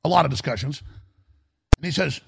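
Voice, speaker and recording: Gravelly, raspy talk radio host. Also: male voice, on the high side, a little fast. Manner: rambling storytelling, emphatic.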